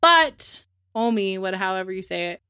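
Woman podcaster going through a movie plot, swearing a lot, mid pitch, dead dry mic. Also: normal speed, clear, resonant tone, no room sound. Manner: animated, swears freely, acts out characters' lines. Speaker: podcast host. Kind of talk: casual chat recapping a movie.

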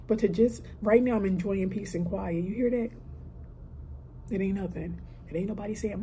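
A woman's voice: mid-range voice, moderate pace, long pauses, warm tone, a little hiss or hum, rough recording. A woman of 30 hosting a solo podcast from a hotel room, talking in a heartfelt, emphatic, motivational way. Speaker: podcast host. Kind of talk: casual solo podcast talk.

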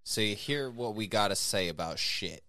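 A man's voice: on the low side, expressive, normal speed, bright, forceful tone, no echo, clean studio sound. A man co-hosting a podcast, tipsy and rambling in casual joking banter. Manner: rambling, jokey, drunken. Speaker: podcast co-host.

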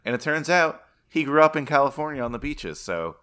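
A man co-hosting a casual film-review podcast, animated and laughing often, acting out quotes in a higher voice. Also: brisk, clear, resonant tone. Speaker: podcast co-host.

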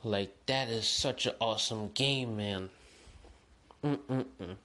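A man's voice: on the low side, slow pace. Rambling young man podcasting casually. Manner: rambling, excitable, slangy talk. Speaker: podcast host. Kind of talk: casual solo podcast chat.

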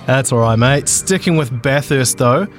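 A man's voice: medium pitch, faint music behind. A man co-hosting a sports radio show, running a quiz in an upbeat, teasing way. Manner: upbeat and teasing, quick quizmaster delivery. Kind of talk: casual radio sports chat. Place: radio studio.

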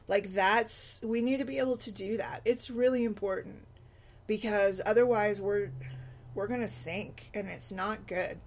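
A middle-aged woman, a single mother, talking casually in a rambling monologue, often slipping into quoted voices. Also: mid-range voice. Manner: chatty, animated asides and quoted voices. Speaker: blogger, single mom.

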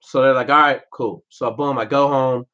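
A man's voice: mid-range voice, moderate pace. A man, a former Navy SEAL guest, telling profane, brash stories in casual conversation. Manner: profane, brash, animated storytelling. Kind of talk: casual storytelling. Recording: dull lo-fi podcast audio.

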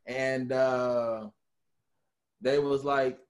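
A man telling a story in a casual interview, animated and acting out what others said. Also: mid-range voice, extremely slow. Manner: animated, acts out quotes of others. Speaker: guest, former reality TV cast member.

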